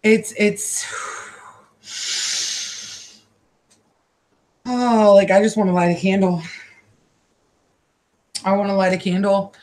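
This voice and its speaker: A woman doing a live-streamed psychic reading from her own room. She talks haltingly and emotionally and repeats herself often. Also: medium pitch, fairly even intonation, a little mellow. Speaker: psychic card reader.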